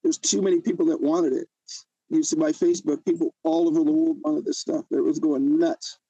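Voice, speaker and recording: A man's voice: on the high side, fairly even intonation, fairly quick, mellow, husky, no room sound, low-quality recording. An older man telling his own story in an emotional interview, agitated and often repeating himself. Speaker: interview guest.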